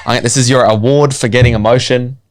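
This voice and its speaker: A young Australian man, a city councillor co-hosting a podcast, chatting casually in a quick, wry, joking way. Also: mid-range voice, steady tone, a little hiss or hum. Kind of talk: casual chat.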